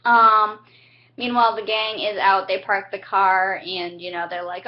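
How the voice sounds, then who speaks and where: A young woman giving a chatty, casual recap of a TV episode, acting out the characters' lines with sudden high-pitched jumps. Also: level tone, unhurried. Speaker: TV recap vlogger. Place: home, indoors. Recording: dull lo-fi home webcam audio.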